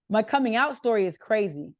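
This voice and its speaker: Her voice sits on the high side, captured as a dry, studio-quality recording. She's a young woman from Southern California appearing as a podcast guest, candidly and animatedly telling stories in casual interview talk and voicing her family's lines.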